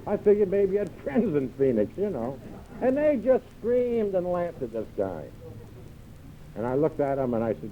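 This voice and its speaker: A man's voice: on the high side, very animated, normal speed, slight background noise. Older man with a wry storytelling style. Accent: American. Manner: wry, self-mocking storyteller, acts out dialogue. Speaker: AA speaker. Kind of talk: storytelling talk at a recovery meeting. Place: large hall with live audience. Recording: dull lo-fi 1978 tape recording.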